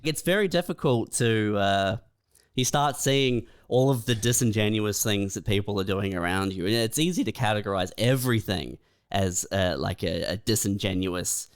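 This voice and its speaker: A man co-hosting a comedy podcast, laid-back and halting, musing in mock-philosophical tones. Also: lowish voice, clean tone. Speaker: podcast co-host. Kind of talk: casual comedic podcast chat.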